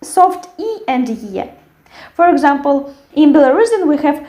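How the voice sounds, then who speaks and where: A woman teaching a language lesson, carefully repeating words slowly for learners. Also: high-pitched, big pitch swings, dark tone. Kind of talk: language lesson with word drills. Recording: echoey room.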